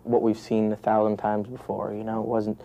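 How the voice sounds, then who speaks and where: Flat-voiced young American actor, rambling. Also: male voice, fairly low pitch, moderate pace, creaky, dull audio. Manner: rambling, many restarts and "you know" fillers. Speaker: actor being interviewed. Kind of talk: press junket interview.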